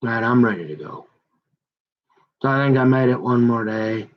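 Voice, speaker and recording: A man telling a long personal grievance in a rambling, halting way, often restarting his sentences and growing heated as he goes. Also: medium pitch, animated, highs cut off. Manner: aggrieved, heated. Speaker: son recounting a family conflict.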